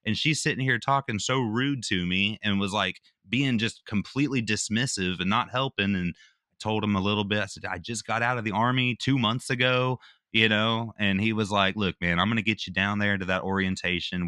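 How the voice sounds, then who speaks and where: Briskly, a military veteran guest recounts a personal story in casual conversation, animated as he voices the other people's lines and throws in "dude" and "bro." His voice is fairly low. There is no room sound, and the studio audio is clean.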